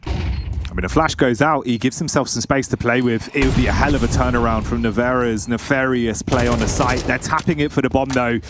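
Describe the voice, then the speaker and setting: A man's voice: medium pitch, brisk, background noise. A man doing color commentary on an esports match, chatty and jokey, calling his co-caster mate. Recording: game gunfire audible behind.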